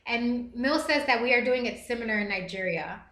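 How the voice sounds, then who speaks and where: Reading viewers' chat messages aloud, a woman livestream host talks casually but with earnest emotion. She speaks at a normal speed in a slightly bright voice on the high side, in a room with some echo.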